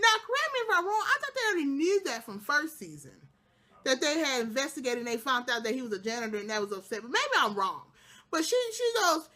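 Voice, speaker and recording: Animated woman recapping a TV episode. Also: a little high. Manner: lively storytelling, acting out characters' quotes; breaks into laughter and exclamations. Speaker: TV show recap vlogger.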